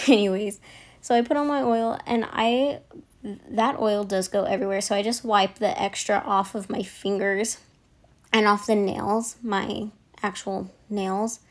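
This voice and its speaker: A woman's voice: medium pitch, steady tone, unhurried. A young woman chatting in a casual voiceover, rambling and chatty, apologizing for how much she talks. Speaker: nail vlogger.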